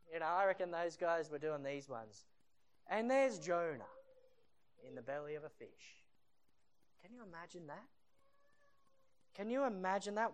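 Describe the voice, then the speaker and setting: A preacher giving a sermon in a lively storytelling style, acting out the scenes. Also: mid-range voice, a little slow, long pauses. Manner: animated storytelling that acts out the scenes.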